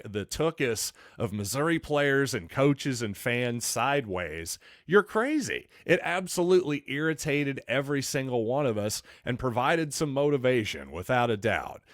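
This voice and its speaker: A man's voice: medium pitch, dry recording, studio quality. Opinionated male sports podcast host. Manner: opinionated, conversational, wry. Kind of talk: solo sports podcast commentary.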